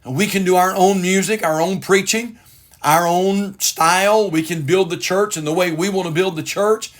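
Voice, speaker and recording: A man's voice: sits high, fairly even intonation, normal speed. A man, a pastor hosting a broadcast, preaching in an earnest, repetitive way. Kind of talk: devotional broadcast sermon.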